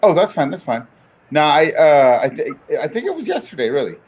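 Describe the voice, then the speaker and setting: A man's voice: fairly high pitch, wildly swooping pitch, brisk, darkish tone, a little hiss or hum. A man joining a stream for a casual chat, laid-back and slangy, throwing in "dude" often. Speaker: guest on a stream. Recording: dull lo-fi sound.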